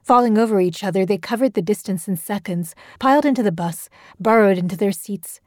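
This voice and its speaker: A woman reading a horror story aloud with a measured, steady storytelling delivery. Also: mid-range voice, no echo, clean studio sound. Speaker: narrator. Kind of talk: scripted horror story narration.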